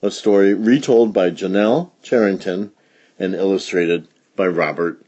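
Man reading a kids' storybook, husky mellow voice, dull lo-fi recording. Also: normal speed. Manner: animated, big pitch jumps for emphasis. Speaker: storybook reader. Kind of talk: read-aloud for young learners.

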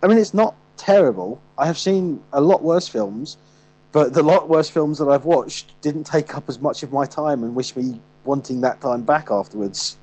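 A man's voice: fairly high pitch, lively intonation, moderate pace, darkish tone, rough recording. A man co-hosting a film review show, talking casually with frequent restarts and fillers. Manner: rambling, many restarts and fillers.

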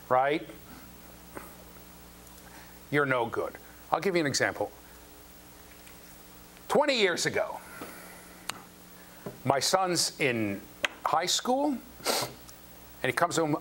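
An older man lecturing a university class, telling stories and acting out the quotes, often checking in with the students. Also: mid-range voice. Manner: animated storyteller, acts out quotes, asks the class questions. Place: lecture hall. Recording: faint background noise and hum.

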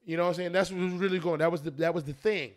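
A man's voice: high voice, rapid-fire. A young man hosting a podcast, rambling and swearing casually as he tells stories, after a few drinks. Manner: rambling, profane, restarts often, animated storytelling. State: has been drinking. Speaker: podcast host. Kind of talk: casual chat.

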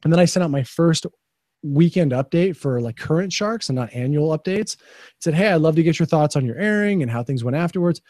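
A man's voice: a little high, fairly quick, no room sound, studio quality. Opinionated man hosting a podcast. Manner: opinionated, animated storytelling. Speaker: podcast host. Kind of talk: casual podcast commentary.

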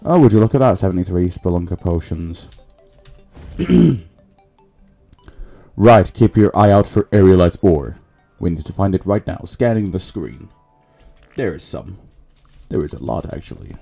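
A man with a low, mellow voice speaks slowly as he plays a video game. He keeps up a muttered running commentary for his viewers over faint background music. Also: animated, gravelly. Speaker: gaming channel host. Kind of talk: casual let's-play commentary.

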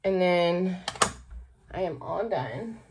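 Young adult woman, husky tone, loose chatty vlogger talking straight to her viewers. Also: fairly low pitch, expressive, takes it slowly, darkish tone. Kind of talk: casual vlog chat to camera. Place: at home, then in a car.

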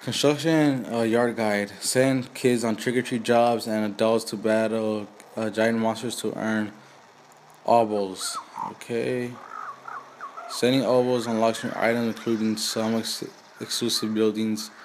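A man's voice: fairly low pitch, little pitch movement, a little slow, slight background noise. A man casually commenting on a mobile game, reading its dialogue aloud with fillers and asides. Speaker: gaming channel host.

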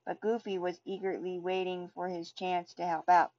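A woman reading a children's storybook aloud in steady, plain narration. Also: fairly low pitch, moderate pace, dry recording, lo-fi sound. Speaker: storybook reader.

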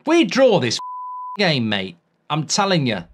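A man's voice: on the high side, unhurried, slight background noise. A man reacting live to a football match, cheering and breaking down the tactics with energy. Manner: excitable, then tactical ranting. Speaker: football fan streamer.

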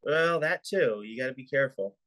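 A man's voice: medium pitch, animated, fairly quick, fairly bright tone. A man hosting a podcast, asking wry, teasing questions in a casual chat.

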